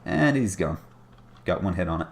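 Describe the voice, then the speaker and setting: Male caster, deep and gravelly, casual wry play-by-play for a strategy game. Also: sing-song, normal speed, a little hiss or hum. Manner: chatty, wry, self-deprecating asides.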